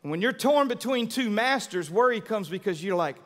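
A man in his thirties preaching a sermon as pastor, animated and given to call-and-response with the congregation. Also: high-pitched, brisk, hardly any pauses. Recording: long hall reverb.

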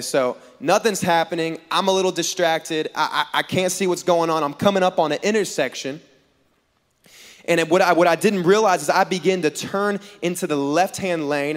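A man preaching a sermon to a live audience, telling a funny story and acting out the dialogue in voices. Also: fairly high pitch. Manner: animated, acts out dialogue in voices, jokes with the crowd. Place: large hall with a live audience on stage. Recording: long hall reverb.

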